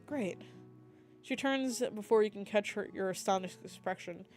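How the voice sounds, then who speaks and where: A young woman, a streamer, reading the text of a dating game aloud with lively asides and slips. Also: mid-range voice, brisk, soft background music.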